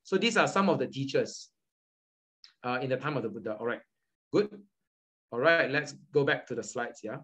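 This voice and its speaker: A man's voice: medium pitch, animated, normal speed, long pauses, a bit bright, rough recording. A young man with a Malaysian English accent, teaching an online Buddhist study group in a patient lecture style and repeating points often. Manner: repetitive, patient teaching with frequent "okay" and "all right". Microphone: video call.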